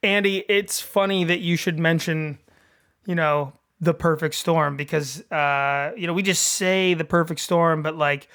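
A man's voice: on the high side, steady tone, measured pace, fairly bright tone. A man co-hosting a casual sports podcast, joking and rambling with frequent laughs. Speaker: podcast co-host.

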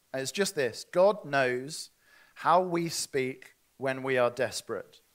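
A man's voice: medium pitch, a bit bright. A man preaching a sermon, earnest and asking his listeners direct questions.

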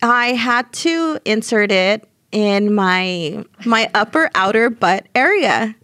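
A young adult woman who tells her story in an animated, chatty way, laughing often and acting out what people said. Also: mid-range voice, slow pace, no room sound, clean studio sound. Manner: animated, laughs often, acts out quoted lines. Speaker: interview guest. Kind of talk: conversational storytelling.

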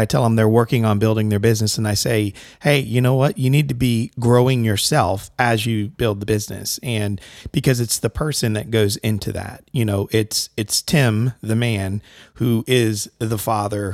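A man's voice: on the low side, no room sound, studio quality. A man hosting an interview, coaching-minded, asking questions and telling anecdotes with acted-out quotes. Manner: animated, acts out quotes in anecdotes. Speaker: host and business coach. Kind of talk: interview podcast.

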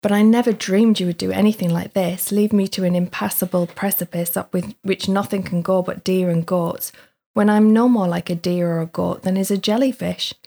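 A woman's voice: medium pitch, steady tone, normal speed, creaky, mellow. A woman voicing a timid, frightened young woman pilgrim, with a pleading, trembling manner, while reading a book passage aloud. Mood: fearful pleading.

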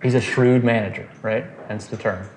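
A man's voice: on the low side, fairly even intonation, normal speed, darkish tone. A man leading a Bible study in a casual, conversational way, quizzing his group and checking in with "okay" and "right.". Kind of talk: conversational scripture teaching. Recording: roomy echo, faint noise.

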